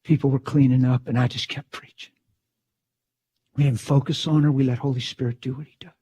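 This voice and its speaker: A middle-aged man preaching a sermon, telling a story with dramatic swings from hushed tones to loud outbursts. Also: medium pitch, fairly even intonation, a little fast, husky.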